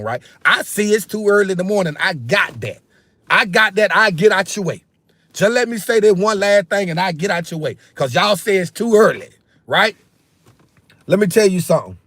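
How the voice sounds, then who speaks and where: A man's voice: sits high, a bit bright, no room sound. A man, hosting a political commentary livestream. He rants heatedly, repeats himself, and keeps calling his viewers "bro" and "man.". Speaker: political commentary channel host.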